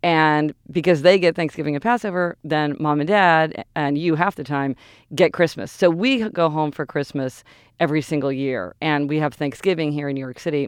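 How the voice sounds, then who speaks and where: A woman hosting a podcast in casual chat with her sister, her voice hoarse from losing it. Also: low voice, no echo, clean studio sound. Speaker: podcast host. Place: New York City.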